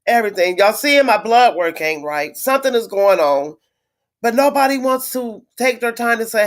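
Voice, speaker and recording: A woman chatting casually on a live stream to her viewers, venting in a frustrated, blunt way with swearing and halting restarts. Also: on the high side, animated. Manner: halting with many fillers and restarts. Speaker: livestreamer greeting viewers.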